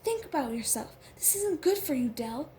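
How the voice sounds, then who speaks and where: A woman doing a husky southern young woman, cutting and loud. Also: high-pitched, sing-song, moderate pace, a little hiss or hum. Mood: furious. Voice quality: husky twang.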